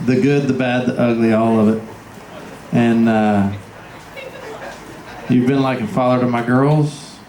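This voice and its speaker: A man's voice: medium pitch, steady tone, a little slow, long pauses, darkish tone. A man who organized a birthday party, speaking to his friend and thanking the helpers, with some joking. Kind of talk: heartfelt party speech. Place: party venue. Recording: echoey room with faint noise.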